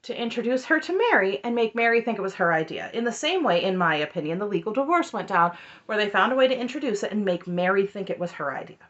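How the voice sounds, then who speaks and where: Sarcastic thirtysomething woman doing a tv recap, super expressive voice, keeps laughing. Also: medium pitch, quick pace, highs cut off. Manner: sarcastic, exasperated, laughs often. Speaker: reality TV recap YouTuber. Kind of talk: opinionated recap commentary.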